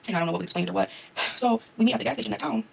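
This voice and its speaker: Fast-talking gravelly woman ranting. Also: mid-range voice, lo-fi sound. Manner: fast, animated, talks straight to viewers. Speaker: travel vlogger. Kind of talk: casual storytime rant.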